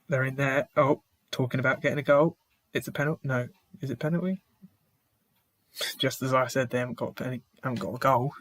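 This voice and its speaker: On his livestream, a male host watches a football match alongside viewers, addressing chatters by name while frequently sighing and starting his phrases over. He has a slightly bright mid-range voice, captured in a dry recording.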